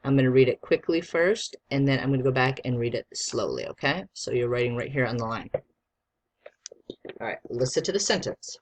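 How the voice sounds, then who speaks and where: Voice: mid-range voice, expressive, breathy edge. A teacher giving a spelling dictation lesson, spelling each word out letter by letter in a patient, encouraging way. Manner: slow, deliberate dictation, spelling words out letter by letter; encouraging, patient instructions to a young student.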